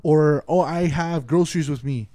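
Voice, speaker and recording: A man's voice: on the high side, moderate pace. Profane, laid-back man telling a story. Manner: profane, animated storytelling, acts out quotes. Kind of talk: casual chat, storytelling.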